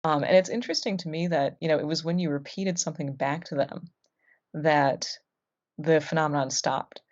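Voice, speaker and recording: A woman's voice: low-pitched, moderate pace, darkish tone. A woman hosting a podcast in casual chat, musing aloud with many ums. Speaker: podcast host. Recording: dull lo-fi sound.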